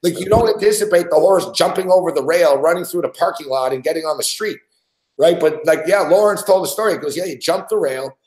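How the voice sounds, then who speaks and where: A man's voice: a little high, a little fast, darkish tone, reverberant. A man co-hosting a sports betting show, telling stories in casual chat, swearing a lot and laughing as he goes. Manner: profane, laughing storyteller.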